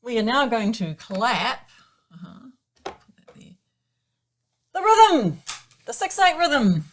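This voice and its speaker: A woman's voice: on the high side, very animated, slow pace. A woman piano teacher patiently explaining time signatures and counting beats aloud in a chatty way. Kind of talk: explaining music theory in a lesson.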